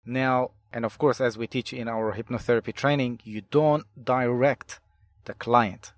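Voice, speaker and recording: A man's voice: mid-range voice, steady tone, dry recording. Dry-voiced man telling therapy cases. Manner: deliberate, repeats and restarts phrases. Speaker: hypnotherapy instructor and podcast host. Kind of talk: podcast monologue recounting client cases.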